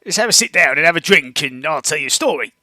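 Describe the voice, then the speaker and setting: A man playing a cheeky male goblin minion with a put-on Cockney accent, loud and jokey. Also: fairly high pitch, expressive, fast, no room sound, clean studio sound. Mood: jovial.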